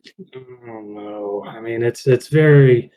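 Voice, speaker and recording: Casting: a man playing a hesitant, hemming shopkeeper, mellow and low-key. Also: a little slow, natural voice, low-quality recording. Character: cagey male shopkeeper.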